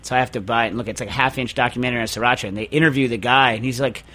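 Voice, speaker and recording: A man's voice: medium pitch, fairly even intonation, rapid-fire, bright, forceful tone. A man hosting a podcast in casual chat, ranting in an exasperated way and restarting his sentences often. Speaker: podcast host.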